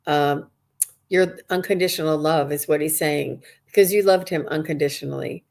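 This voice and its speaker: A woman's voice: sits low, moderate pace, vocal fry, darkish tone. A woman working as a psychic medium, giving a live reading to viewers in an earnest, rambling way with many restarts.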